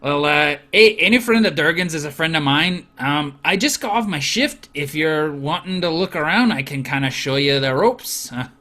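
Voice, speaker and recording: A man voicing a friendly, boisterous gray-haired male dwarf who talks heartily and exclaims loudly, in a tabletop game. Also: a little high, animated, normal speed, hardly any pauses. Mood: jovial.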